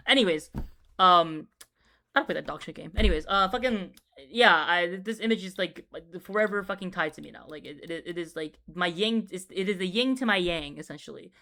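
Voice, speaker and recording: A young man tells a story in a loose, rambling way, swearing freely and tripping over his own words. He drifts between quiet muttering and loud, excited bursts. It sounds like a casual talk recorded at a desk while he draws. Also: sits high, a little fast, creaky. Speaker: video creator.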